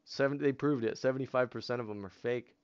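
A man's voice: medium pitch, steady tone, fast talker, darkish tone, smooth, muffled recording. A man hosting a podcast, telling a long story in casual chat, with lots of fillers and swearing. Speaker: podcast host. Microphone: headset over online voice chat.

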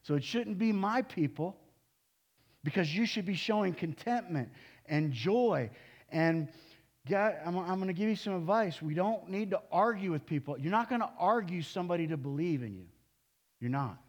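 A man in his sixties preaching from the pulpit in a relaxed, conversational manner. His voice sits fairly high for a man and jumps into loud, animated bursts when he drives a point home. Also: moderate pace. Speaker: pastor. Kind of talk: sermon.

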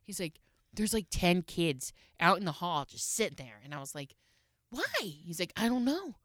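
Thirties woman, podcast co-host, animated raconteur who voices everyone in her story, bright tone. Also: on the low side, normal speed, dry recording. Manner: animated storyteller who acts out quoted lines. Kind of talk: casual chat, telling an anecdote.

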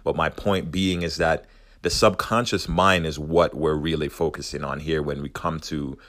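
A man's voice: a bass voice, a bit bright, no echo, studio quality. A man giving an earnest, reflective spiritual self-help talk, wandering a little and correcting himself as he goes. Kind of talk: motivational monologue.

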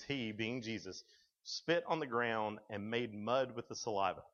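A man's voice: fairly low pitch, lo-fi sound. A man giving a casual, joking sermon to a youth group, acting out the voices in the story he tells. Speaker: youth speaker.

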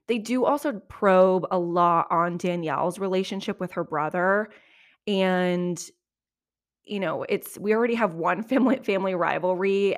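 A woman's voice: lowish voice, a bit bright. Chatty woman recapping reality TV. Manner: chatty, opinionated, quick asides. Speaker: podcast host.

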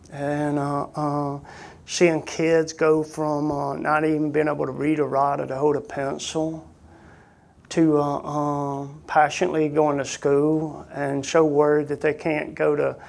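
Man, missionary, personal testimony, earnest, animated, folksy. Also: a little high, vocal fry. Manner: folksy grammar.

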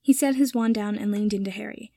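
A woman's voice: mid-range voice, fast, gravelly, warm tone, no echo, clean studio sound. A young woman reading fan fiction aloud, narrating the story and then signing off with chatty, rambling asides. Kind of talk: storybook narration with a casual sign-off.

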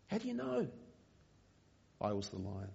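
A man reading aloud and voicing a great lion with a grave, quiet, slow delivery. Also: lowish voice, huge pitch swings, creaky, in a large hall, dull audio, voice pushed down, full character voice. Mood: solemn. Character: great lion, deep solemn male voice.

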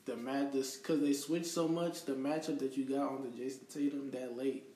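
A man's voice: mid-range voice, flat delivery, moderate pace, warm tone. A laid-back man chatting about sports, calling people bro and man. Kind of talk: casual sports talk. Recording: distant mic in an echoey room with faint noise.

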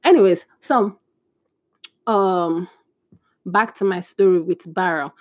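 A woman's voice: lowish voice, slow pace, no room sound, studio quality. Chatty young woman telling stories. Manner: chatty and animated, acting out dialogue with exclamations. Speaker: vlogger. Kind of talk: casual storytime chat.

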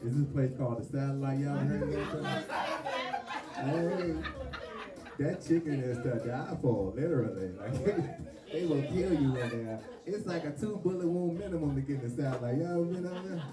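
A man's voice: on the high side, a crowd in the background. Joking man hosting comedy night. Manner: loose, joking, quick bursts with laughs. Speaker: comedy show host. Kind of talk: stand-up comedy. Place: live venue stage. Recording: roomy hall from a distance with music.

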